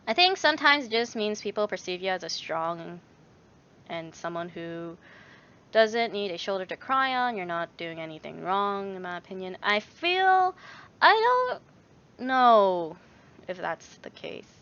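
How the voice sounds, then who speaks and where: A woman's voice: medium pitch, sing-song, a little slow, fairly bright tone, lo-fi sound. A young woman vlogger chatting casually on a livestream, rambling with lots of fillers and reading viewer messages aloud. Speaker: YouTuber answering chat.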